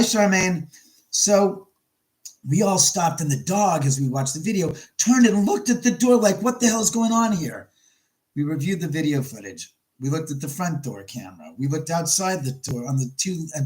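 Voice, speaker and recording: A man's voice: a little high, a little mellow, rough recording. A man hosting a casual live stream from his home, rambling and stopping to greet viewers by name. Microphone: camera mic on a live stream.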